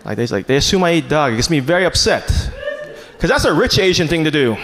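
A man's voice: fairly high pitch, lively intonation, quick pace. A man doing a stand-up comedy set on a club stage into a handheld mic. He talks in a loose, chatty way and keeps saying "man" and "you know". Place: comedy club stage before a live audience. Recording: live club recording with audience laughter and noise.

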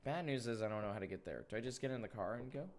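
A young adult man giving excitable, chatty game commentary and reading dialogue aloud. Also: medium pitch, rapid-fire. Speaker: gamer. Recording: clear background noise.

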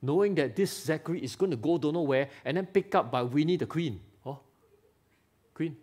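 A man preaching a lively sermon in Singaporean English, firing rhetorical questions and teasing members of the congregation by name. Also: a little high, normal speed. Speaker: pastor. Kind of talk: live sermon. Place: church hall.

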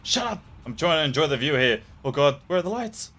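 A young man talking through a horror game, cracking crude jokes and yelping at scares. His pitch swoops lively up and down as he reacts. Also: fast talker, soft background music. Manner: jokey, profane, jumpy reactions. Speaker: gamer playing a horror game. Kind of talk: gameplay commentary.

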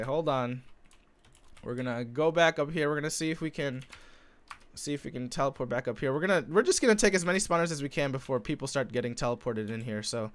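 A young man giving live gameplay commentary, excitable, his voice leaping up when something happens. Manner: excitable, voice jumps high when he spots loot. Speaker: gaming YouTuber.

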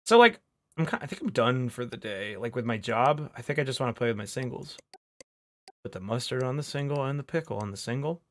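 Guy streaming a game at home, swears a lot, goes from yelling to mumbling, voice bounces up and down. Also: medium pitch, brisk. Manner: excitable, profane, swings between shouts and mutters. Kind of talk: casual gaming commentary. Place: home streaming setup with green screen.

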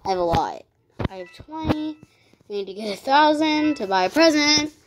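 A woman narrating her online game as she plays, excitable and easily frightened, giving running commentary. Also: sits high, moderate pace, noisy background. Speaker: gaming channel host. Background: dogs barking sometimes.

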